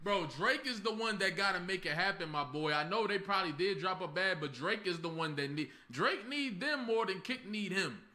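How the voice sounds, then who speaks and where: A man with a high, bright voice swings his pitch all over as he rants through a reaction video. His commentary is casual and emphatic, packed with slang and trash talk. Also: expressive, normal speed, hardly any pauses.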